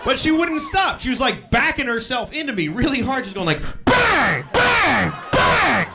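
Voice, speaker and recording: Amid very noisy, loud audience laughter at a live comedy show, a man performs stand-up in an extremely high voice with big pitch swings, talking a little fast. He's profane and self-deprecating, acting out little voices as he goes.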